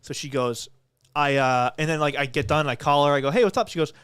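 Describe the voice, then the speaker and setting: A man's voice: fairly high pitch, little pitch movement, brisk, a bit bright, smooth, dry recording. A man in his twenties, a podcast co-host and streamer, rambling profanely in casual chat with lots of "like" fillers in a podcast studio.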